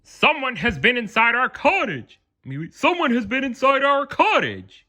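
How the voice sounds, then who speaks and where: A man's voice: extremely high pitch, huge pitch swings, normal speed, sharp tone, pitched above the performer's own voice, full character voice. A man voicing a big father bear in a storybook, exclaiming in an alarmed, blustering way.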